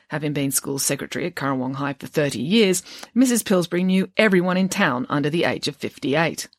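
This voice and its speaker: A woman narrating a children's novel aloud with lively, expressive storytelling. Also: sits low, brisk, no echo, studio quality. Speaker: audiobook narrator. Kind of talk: audiobook reading of a children's novel.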